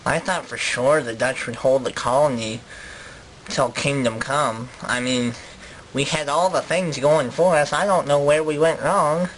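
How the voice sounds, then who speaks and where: A man's voice: mid-range voice, unhurried, slight background noise, pitched below the performer's own voice, natural voice, low-quality recording. A man voicing a regretful Dutch colonist who whines about losing the colony in a comedy sketch. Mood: glum.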